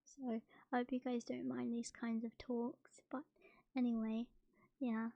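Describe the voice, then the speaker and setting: A young woman chatting casually on a stream, soft and hesitant, with many fillers. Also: a little high, flat delivery, a little slow, creaky, no room sound, lo-fi sound. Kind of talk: casual chat.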